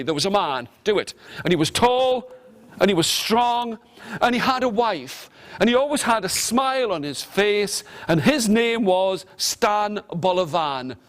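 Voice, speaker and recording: Animated high-voiced man telling a story. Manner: lively, animated, call-and-response with gestures. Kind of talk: interactive storytelling to an audience. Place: large room with a live audience.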